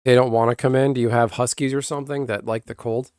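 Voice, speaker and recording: A man's voice: mid-range voice, flat delivery, fast, a little mellow, smooth, no echo, studio quality. A young man streaming from home, rambling bluntly in casual chatter and swearing freely.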